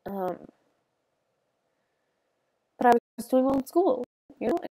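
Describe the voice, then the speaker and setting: A tearful, sniffly young woman talks on a gaming stream in a soft, halting ramble full of fillers. Her voice sits a little high, and the sound is close and dry with no room around it. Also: lively intonation, no room sound. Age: young adult. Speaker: livestreamer. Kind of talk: casual stream chat while gaming.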